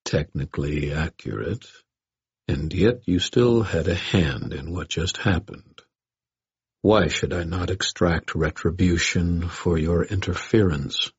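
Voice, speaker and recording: Formal, menacing old dark elf, low and husky; a man does the voice. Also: exaggerated voice. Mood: coolly threatening. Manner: measured, formal, coolly menacing. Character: ancient cold-blooded male dark elf coach. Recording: dull lo-fi audio.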